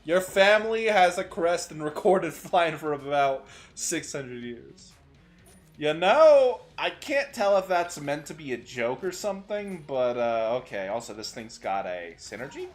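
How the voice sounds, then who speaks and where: A young man streaming a game, chatting with his viewers as he plays and breaking into sudden excited outbursts. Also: a little high, unhurried, faint music behind. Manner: chatty, answers chat while playing, sudden excited outbursts. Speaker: VTuber streamer. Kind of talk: gaming livestream commentary.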